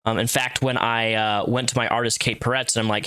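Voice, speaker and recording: A man's voice: medium pitch, little pitch movement, fairly quick, pushed and bright, smooth. A man in his thirties giving casual, rambling commentary with frequent restarts and fillers. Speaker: commentary youtuber.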